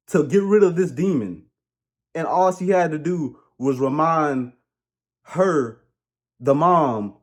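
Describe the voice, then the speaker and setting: A man giving a casual comedic movie review, rambling, joking and ranting in an animated way. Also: fairly high pitch.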